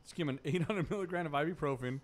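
A man's voice: a little high, rapid-fire. A man co-hosting a podcast, brash and profane in casual chat. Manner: brash, profane, laughing banter. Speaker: podcast host.

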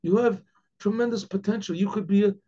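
A man's voice: high-pitched, brisk, dark tone, pitched above the performer's own voice. A man voicing a firm but caring female judge who pleads earnestly with a former classmate. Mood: pleading. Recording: dull lo-fi recording.

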